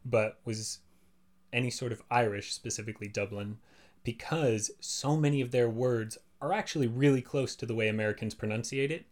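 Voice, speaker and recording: A man who works as a voice actor, talking at length in a relaxed podcast chat, full of fillers like "like" and "you know". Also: medium pitch, normal speed. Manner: chatty, explains at length with many fillers.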